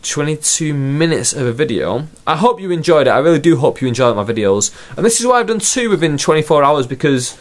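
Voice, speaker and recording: A man's voice: fairly high pitch, sing-song, a little fast, few pauses. A man giving a casual, ranting wrestling review in a video blog, swearing freely. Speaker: wrestling vlogger.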